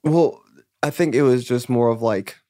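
A man's voice: mid-range voice, normal speed, dark tone, dry recording, clean studio sound. A man in his twenties from California, a musician guest telling his story in candid casual chat, rambling and full of "like" and swear words as he acts out his own past conversations.

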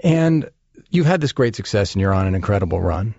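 A man's voice: lowish voice, sing-song, a little fast, vocal fry, a little mellow, no echo, dull audio. A man hosting a podcast interview, talking earnestly with many fillers and restarts. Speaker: podcast host. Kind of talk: casual interview chat.

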